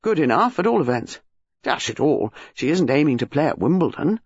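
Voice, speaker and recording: A man voicing a gruff, suspicious middle-aged Englishman who speaks in clipped phrases. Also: on the high side, big pitch swings, brisk, dry recording, muffled recording.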